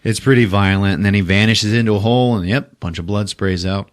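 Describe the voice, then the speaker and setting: A man hosting a podcast, retelling a movie plot in a loose, profane, animated way and laughing at his own jokes. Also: fairly low pitch, a little fast. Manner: profane, animated retelling with sudden character voices. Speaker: podcast host. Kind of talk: casual movie recap.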